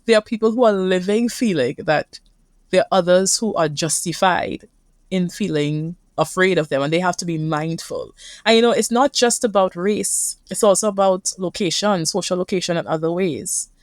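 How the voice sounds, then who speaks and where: A woman with a Caribbean accent talks as a guest therapist, earnest and reflective. Her voice sits a little low and sounds dry and close, with no room around it. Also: moderate pace, no room sound. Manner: earnest, reflective, speaks from feeling. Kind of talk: conversational interview.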